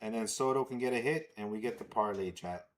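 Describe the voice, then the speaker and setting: A man hosting a live baseball watch-along stream, excitable and swearing as he talks to his chat. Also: fairly low pitch, a little fast, slight background noise. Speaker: livestream host.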